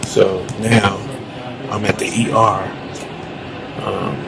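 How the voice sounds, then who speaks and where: A man, an owner-operator truck driver, giving a slow, subdued vlog update from a hospital emergency room. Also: lowish voice, little pitch movement. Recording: clear background noise.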